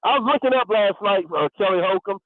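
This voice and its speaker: A man's voice: high-pitched, brisk, no room sound. A male caller, ranting heatedly on a sports radio call-in. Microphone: phone. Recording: tinny dry phone line.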